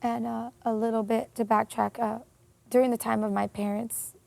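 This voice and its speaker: A woman telling a painful personal story in an interview, earnest and emotional, with many pauses and fillers. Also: on the high side, flat delivery, creaky, a little mellow. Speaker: interview guest.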